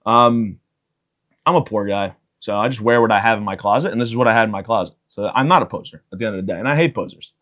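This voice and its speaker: A man's voice: mid-range voice, fairly bright tone. A man in his thirties hosting a podcast, riffing alone in a profane, self-mocking comedic monologue. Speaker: podcast host.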